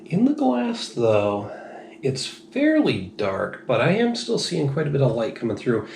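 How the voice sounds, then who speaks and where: Casting: tipsy man, gravelly and a bit low, casual rambling reviewer, echoey room with faint noise. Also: huge pitch swings, a little slow, a little mellow. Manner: rambling, frank, self-deprecating. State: slightly tipsy. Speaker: beer reviewer.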